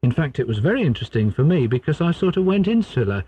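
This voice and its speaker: An English man, a clairvoyant guest, explaining his ideas in a measured way on a radio phone-in. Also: on the high side, big pitch swings, mellow, slight background noise. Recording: dull lo-fi radio broadcast.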